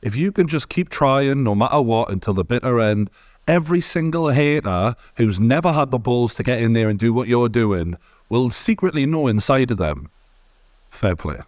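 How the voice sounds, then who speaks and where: A man's voice: mid-range voice, expressive, normal speed, no room sound, clean studio sound. A man with a Geordie accent hosting an interview, encouraging his guest in a blunt, casual way. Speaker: interview host. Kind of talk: supportive interview chat.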